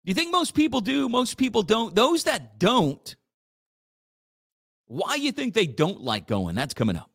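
A man's voice: high voice, huge pitch swings, unhurried, gravelly, a bit bright, breathy edge, dry recording, studio quality. A man hosting a casual talk radio show, joking and reading listener messages.

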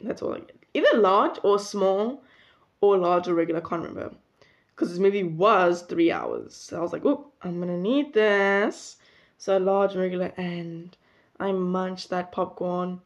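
A woman's voice: on the low side, normal speed. Chatty young woman telling a story. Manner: chatty, animated, full of "like" and restarts. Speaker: vlogger. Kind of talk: casual storytelling to camera. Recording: dull lo-fi recording.

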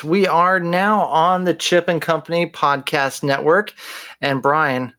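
Man, podcast co-host, slightly high voice, eager and playful. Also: measured pace, fairly bright tone. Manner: enthusiastic, jokey. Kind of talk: casual podcast chat.

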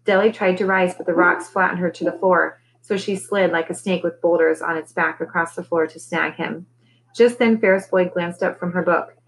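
A woman teacher reading a novel aloud to her class, relaxed, with conversational asides between chapters. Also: on the low side, moderate pace, creaky, slight background noise, low-quality recording.

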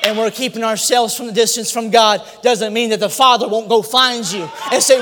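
High-voiced man preaching in a hall. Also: fairly even intonation, normal speed, hardly any pauses, some chatter behind. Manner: emphatic preaching, climbs into shouted repetitions. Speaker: pastor. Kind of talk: sermon. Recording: long hall reverb.

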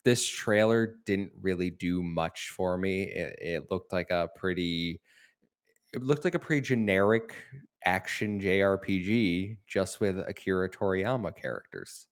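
Man, slightly low voice, podcast host, casual, blunt and joking. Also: measured pace, smooth. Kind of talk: casual chat.

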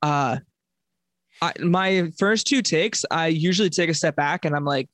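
A man's voice: fairly high pitch, measured pace, fairly bright tone, no echo. Chatty man, mild Long Island accent. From Long Island, New York. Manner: rambling, filler-heavy, self-correcting. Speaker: podcast co-host. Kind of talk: casual chat.

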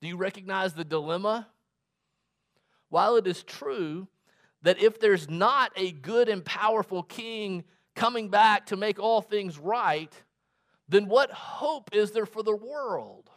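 Slow, deliberate man preaching a sermon. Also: high-pitched. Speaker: pastor.

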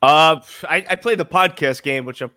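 A man's voice: fairly high pitch, normal speed, sharp tone. Hesitant man with a Brooklyn accent. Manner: hesitant, many fillers. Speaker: podcast host. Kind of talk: casual interview.

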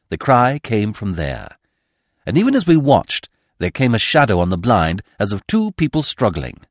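A man narrating a classic story in measured, scripted audiobook style. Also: on the low side, very animated, no echo, studio quality. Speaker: podcast narrator.

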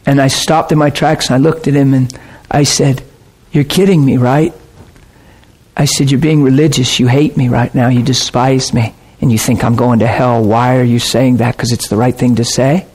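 A man's voice: medium pitch, level tone, moderate pace, darkish tone, slightly rough. A man preaching with earnest intensity, retelling a personal story and acting out both sides of the conversation. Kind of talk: sermon storytelling.

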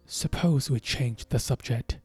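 A man voicing the March Hare, a bored and impatient hare, in a storybook reading with a slow, husky voice. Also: mid-range voice, dry recording, soft background music. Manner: impatient, yawning.

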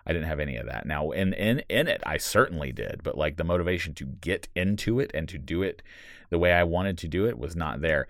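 A man co-hosting a podcast, talking in an animated, casual way, laughing easily and swearing now and then. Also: deep voice, fairly quick, vocal fry, no echo, clean studio sound. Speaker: podcast co-creator and writer.

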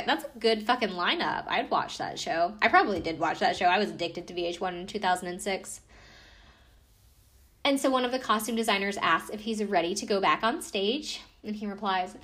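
A woman's voice: mid-range voice, a bit bright. A woman casually recapping a reality TV episode, chatty and profane, with lots of fillers and asides. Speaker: podcast recapper.

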